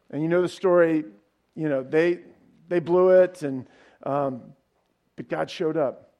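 A pastor with a high voice delivers a sermon at a moderate pace, his tone dark. He retells the story the way a storyteller would, dropping in casual asides and putting questions to his listeners along the way.

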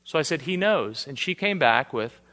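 A man preaching a sermon, shifting between soft, intimate lines and emphatic declarations. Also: mid-range voice, expressive, a little fast. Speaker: pastor. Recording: long hall reverb.

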